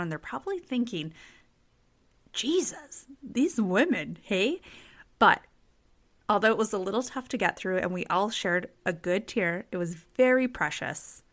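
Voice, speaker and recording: Woman, true crime podcast host, chatty, expressive, filler-heavy, middle pitch.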